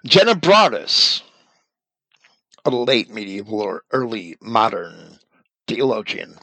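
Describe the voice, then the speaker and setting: A man's voice: mid-range voice, bright, forceful tone, dry recording, poor audio. A man reading an article aloud and commenting on it as a religious teacher, spelling out names letter by letter.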